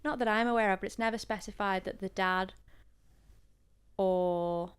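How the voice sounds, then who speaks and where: A woman's voice: medium pitch, moderate pace, clean tone. A woman co-hosting a podcast, eagerly explaining plot details in casual chat full of 'like' and 'you know'. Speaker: podcast co-host.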